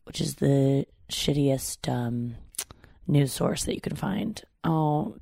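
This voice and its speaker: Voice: medium pitch, lively intonation, takes it slowly, creaky, dark tone, dry recording, clean studio sound. A vlogger in their thirties, chatting casually in a rambling, profane, self-interrupting way. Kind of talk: casual solo chat.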